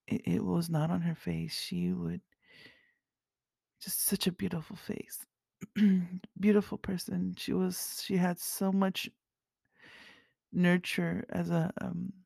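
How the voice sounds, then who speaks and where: Gravelly woman telling a faith story. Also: fairly low pitch, dry recording, clean studio sound. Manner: rambling, full of "you know" and throat clearing; softens to a hush at tender moments. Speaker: podcast host.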